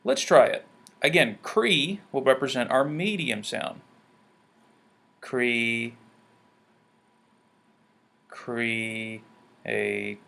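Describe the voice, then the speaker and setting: A man's voice: medium pitch, big pitch swings, a little slow, creaky, a bit bright, husky. A man demonstrating word stress in a pronunciation lesson, drawing out example words. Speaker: ESL pronunciation teacher. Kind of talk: instructional narration.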